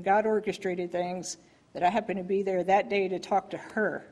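A woman's voice: medium pitch, a little mellow. Woman giving a rambling church testimony. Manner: rambling and heartfelt, full of fillers and restarts.

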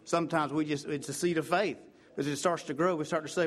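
A man preaching a fervent sermon in a fairly high voice. He leans on repeated asides and builds to loud, emphatic peaks, then drops to low, hushed passages. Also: fast talker. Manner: fervent, repetitive preaching with "I tell you what" asides.

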